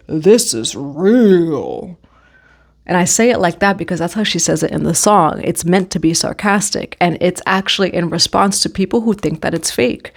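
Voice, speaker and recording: A woman reads tarot for her audience in a loose, conversational way. She is encouraging and reassuring, and she drifts now and then into singing a short line from a song. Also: medium pitch. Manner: chatty, affirming, sings snatches of songs. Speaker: tarot reader. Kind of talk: casual spiritual tarot reading.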